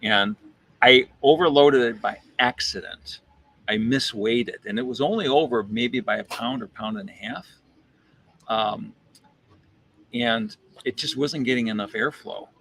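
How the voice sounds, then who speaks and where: A coffee roaster at a coffee shop tells a casual, animated story in an unhurried, medium-pitched voice, acting out quotes and repeating words as he thinks. A little hiss or hum can be heard.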